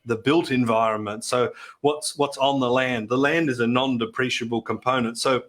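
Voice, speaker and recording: A man, a podcast guest and depreciation expert, telling self-deprecating stories and explaining plainly in a relaxed interview. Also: medium pitch, normal speed. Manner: chatty, self-deprecating storyteller. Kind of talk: conversational interview, anecdotes and explanations.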